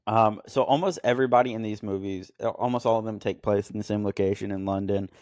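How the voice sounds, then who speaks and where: A man's voice: lowish voice, fast, darkish tone, no echo. A man co-hosting a film podcast, rambling through his notes with lots of fillers and jokey asides. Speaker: podcast co-host reviewing films. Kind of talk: casual chat.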